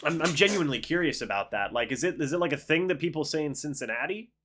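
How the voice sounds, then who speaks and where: A young man hosting a live football reaction stream, calling the plays and chatting with viewers in an excitable, talkative way. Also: fairly high pitch, quick pace, a little hiss or hum. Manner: excitable, chatty, reads chat aloud and calls plays. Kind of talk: live game reaction with play-by-play and chat replies.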